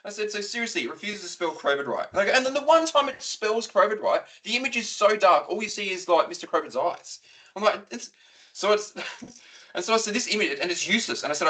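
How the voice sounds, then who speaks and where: An Australian man talks footy in a loose, rambling podcast chat. He gets worked up fast and swears freely. His voice is a touch high and swings widely in pitch. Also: bright, forceful tone. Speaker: podcast co-host. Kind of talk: casual chat.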